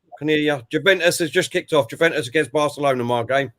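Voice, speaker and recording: A man's voice: fairly high pitch, fast talker, a bit bright. A man hosting a casual football chat, talking in a friendly way with many hesitations and fillers. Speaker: host.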